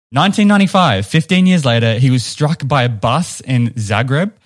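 A man's voice: mid-range voice, lively intonation, moderate pace. A man with a New Zealand accent, co-hosting a casual podcast and telling a story with chuckles along the way. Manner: chatty, laughs while telling stories. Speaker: podcast co-host.

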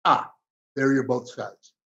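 A man arguing emphatically as a guest commentator, with dramatic pauses in a heated political debate. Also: medium pitch, steady tone, pushed and bright. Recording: slightly dull lo-fi audio.

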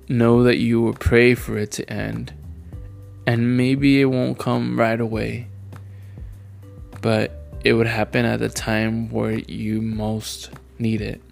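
A young man in his twenties talks slowly and tearfully to his younger self, his gravelly voice full of long pauses. Faint music plays softly behind him. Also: medium pitch, flat delivery. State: crying. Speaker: vlogger.

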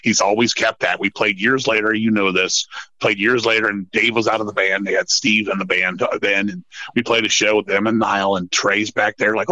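A man's voice: fairly low pitch, fairly quick, no room sound, muffled recording. A man in his fifties telling blunt, profane stories in a casual podcast chat. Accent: American. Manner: profane, blunt, animated storyteller. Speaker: guest musician.

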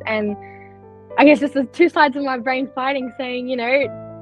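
A woman's voice: high-pitched, fairly even intonation, moderate pace, dull audio, faint music behind. A young woman speaking as a guest in a casual interview, reflective and open, laughing now and then. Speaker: scholarship recipient guest.

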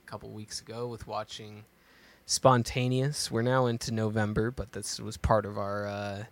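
A man's voice: fairly low pitch, little pitch movement, normal speed, no room sound. A man co-hosting a podcast, chatting casually and thinking aloud as he goes, with many restarts. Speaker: podcast co-host. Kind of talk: casual chat.

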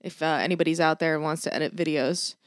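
A woman's voice: sits low, fairly even intonation, fast, dry recording, clean studio sound. A tired woman who swears freely and acts out quotes, hosting a casual podcast chat. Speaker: podcast host.

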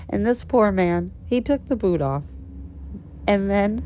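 A woman in her thirties hosting a podcast, telling a story in a sassy, petty and animated way. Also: lowish voice, a little slow, creaky. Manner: sassy, petty, animated storyteller who calls listeners honey. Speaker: podcast host. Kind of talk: casual storytelling monologue.

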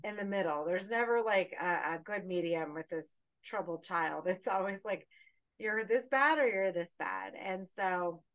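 A woman co-hosting a podcast in casual chat, telling stories in an animated way, laughing and swearing freely. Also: medium pitch, measured pace. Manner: animated, laughing, profane storytelling. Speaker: podcast co-host.

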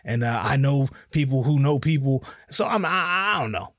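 A man's voice: mid-range voice, animated, moderate pace, fairly bright tone, no echo, clean studio sound. A man hosting a podcast in a casual, rambling monologue, profane and self-mocking. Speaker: podcast host. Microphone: podcast headphones and mic.

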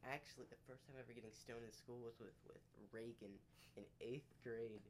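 A man's voice: mid-range voice, steady tone, brisk, a little hiss or hum. A young man co-hosting a casual chat, telling a story in laid-back slang full of fillers.

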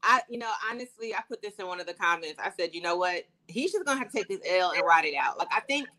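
Bright, animated woman co-host. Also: on the low side, fast. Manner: animated, sassy storytelling. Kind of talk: casual pop-culture chat. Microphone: wireless earbuds.

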